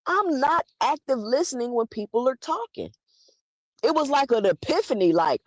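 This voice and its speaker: A woman's voice: on the high side, animated, moderate pace, dry recording, muffled recording. A woman hosting a live stream who talks bluntly and argues straight at her chat. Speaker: livestream host. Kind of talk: live commentary talking to chat.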